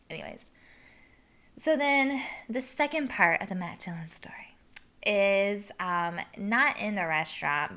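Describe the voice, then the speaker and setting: Woman host, bright and chatty, casual anecdote with laughs and fillers. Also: fairly low pitch. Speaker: podcast host. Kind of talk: casual storytelling.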